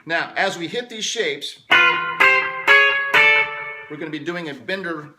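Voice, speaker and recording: A man with a somewhat high voice walks through a guitar lesson in a relaxed, step-by-step way. Loud guitar playing fills the gaps between his lines. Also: a little slow, poor audio. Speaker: guitar teacher.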